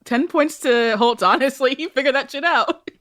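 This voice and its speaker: A woman's voice: sits high, normal speed, fairly bright tone. A woman co-hosting a casual rewatch podcast, giving wry, sarcastic commentary and stretching out words for emphasis. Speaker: podcast co-host.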